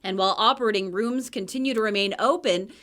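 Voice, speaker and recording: A woman reporter narrating a news package in a measured, formal way. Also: medium pitch, a bit bright.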